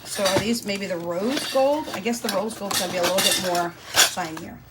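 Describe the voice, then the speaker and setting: A woman's voice: medium pitch, a little fast, heavy background noise. A woman, chatting casually and folksily to her viewers while stuffing cash envelopes. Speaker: budgeting vlogger. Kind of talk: casual chat to camera.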